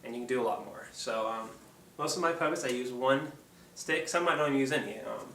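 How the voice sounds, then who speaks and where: A man's voice: medium pitch, fairly quick, creaky, fairly bright tone. A man from Oregon giving a casual, rambling how-to tutorial as a puppeteer, full of ums and restarts. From Oregon, USA. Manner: rambling, hesitant, lots of ums. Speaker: puppeteer, channel host. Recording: echoey room, distant mic, faint background hum.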